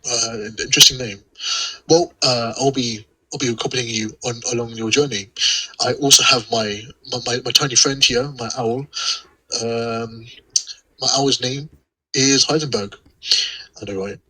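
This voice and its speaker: A man's voice: medium pitch, steady tone, normal speed, bright, forceful tone, poor audio. A man playing a tabletop game, talking casually in character, stammering, repeating words and swearing offhand.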